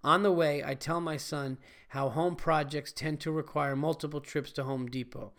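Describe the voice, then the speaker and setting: Podcast host, man, slightly high smooth voice, loose and profane, reads listener mail, close mic. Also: steady tone, normal speed, a bit bright. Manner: loose, swears freely, chuckles mid-sentence. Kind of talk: reading listener emails and casual chat.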